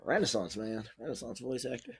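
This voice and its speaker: A man's voice: medium pitch, animated, brisk, vocal fry, a little hiss or hum. A man guesting on a podcast, laughing a lot and blurting out answers with casual swearing.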